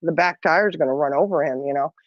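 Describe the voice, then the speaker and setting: A woman's voice: deep voice, a little fast, no echo, muffled recording. A middle-aged woman telling a long story in casual chat, rambling and laughing often. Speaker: podcast co-host.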